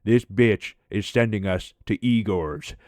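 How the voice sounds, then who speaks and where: A man's voice: lowish voice, darkish tone, dry recording, studio quality. A man voicing a crude, complaining older male coworker who drags out his words and swears constantly. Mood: grumbling. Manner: profane, whiny, drawn-out complaining.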